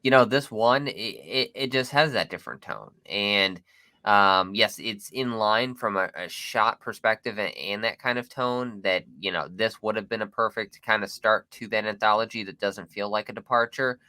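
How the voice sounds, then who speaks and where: A man's voice: lowish voice, moderate pace, pushed and bright, no room sound. A man co-hosting a casual podcast chat, talking with enthusiasm and frequent restarts. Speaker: podcast co-host. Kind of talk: casual film discussion.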